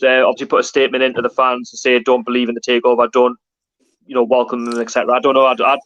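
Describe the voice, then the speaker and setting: Hosting a casual livestream, a man chats with guests and reads out comments from viewers. His voice is medium-pitched and a bit bright, and the stream audio is dull and lo-fi.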